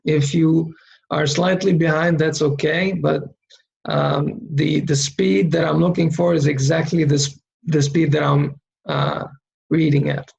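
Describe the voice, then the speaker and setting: A man's voice: a little high, unhurried, vocal fry, a little mellow, dull audio. A man teaching how to read Arabic letters, patiently sounding out single syllables for the learner to repeat. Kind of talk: slow recorded lesson drilling syllables.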